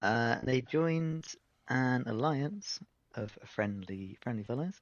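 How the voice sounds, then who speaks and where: A man in casual podcast chat who laughs a lot and gives quick replies, recorded on a slightly muffled microphone. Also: medium pitch, lively intonation, no room sound. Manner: reactive listener, laughs often, gives short replies. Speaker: podcast co-host.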